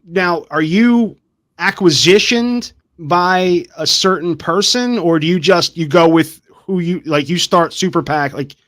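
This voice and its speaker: Male podcast host from New Jersey, high voice, halting and rambling. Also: a bit bright. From New Jersey, United States. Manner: rambling, halting, many restarts. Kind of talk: casual interview chat.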